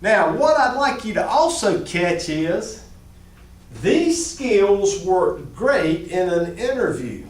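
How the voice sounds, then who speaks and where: A middle-aged man leads a job-skills class, animated and expressive, his fairly high voice swinging up and down. He sounds a little distant from the mic, in a large, echoey room. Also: slow. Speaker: reentry job-skills teacher.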